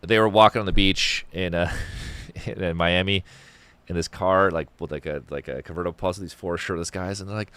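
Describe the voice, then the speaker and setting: A man's voice: low voice, fairly even intonation, a little fast, fairly bright tone, clean tone, no echo. A man hosting a casual call-in livestream show, rambling and swearing as he tells stories. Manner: rambling, profane, storytelling. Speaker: podcast host taking calls.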